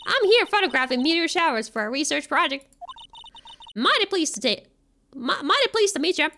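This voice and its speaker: A woman's voice: high-pitched, sing-song, fairly quick, pushed and bright, slight background noise, voice pushed up, exaggerated voice. A woman voicing a cheerful young country woman photographer, with a put-on Southern American drawl and folksy, chatty manner. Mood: friendly.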